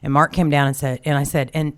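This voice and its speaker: A woman's voice: low-pitched, flat delivery, fast. A woman from Oklahoma speaking up at an open-forum conference, telling rambling stories from her working life. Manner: rambling, storytelling, acts out quoted greetings. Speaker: audience member at a symposium.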